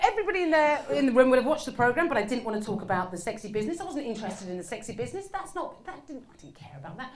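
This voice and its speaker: A woman performing a stand-up comedy set in a theatre, telling a story with hushed asides and loud outbursts. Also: sits high, big pitch swings, rapid-fire, few pauses. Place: large theatre in front of a live audience. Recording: roomy theatre with audience laughter. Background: audience laughter.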